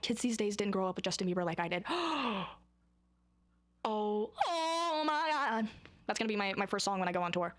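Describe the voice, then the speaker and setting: A young woman talking in a casual vlog, rambling and excitable with dramatic outbursts. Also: mid-range voice. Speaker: vlogger.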